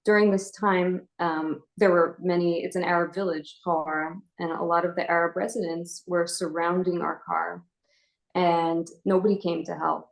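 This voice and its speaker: A young adult woman gives a personal testimony as an inspirational speaker. Her voice sits low and has a gravelly, creaky edge. She tells the story earnestly and haltingly, with frequent fillers. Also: little pitch movement, rough recording.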